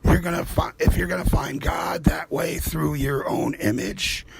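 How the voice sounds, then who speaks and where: Heavy background noise surrounds this artist hosting his own show, who talks in a fairly high, creaky voice with fairly even intonation and an unhurried pace. As he paints, he delivers a rambling, profane monologue, swearing freely and drifting between asides.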